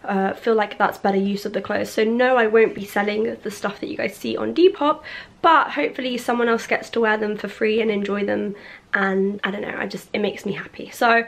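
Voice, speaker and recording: A woman's voice: mid-range voice, steady tone, a little fast, gravelly. A young woman in her twenties, chatting casually and playfully to the camera at home. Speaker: vlogger. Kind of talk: casual chat.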